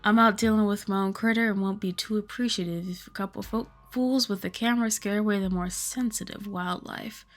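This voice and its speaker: Cranky old backwoods man, put on by a woman, put-on Southern accent, grumbling, mid pitch, faint background music. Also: steady tone, brisk, few pauses, lightly acted. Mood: scolding. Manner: grumbling, folksy scolding. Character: gruff old male hillbilly hunter, cranky. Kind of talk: reading a game aloud.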